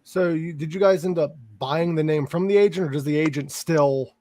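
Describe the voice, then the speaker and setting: A man's voice: fairly high pitch, darkish tone, no echo. Joking man hosting a podcast. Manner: joking, quick questions. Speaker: podcast host. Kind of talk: casual chat.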